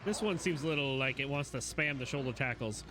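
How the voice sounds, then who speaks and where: A man's voice: mid-range voice, a little fast, noisy background. A man giving live gameplay commentary, playfully chatting to the monsters he fights. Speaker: game streamer. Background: game music.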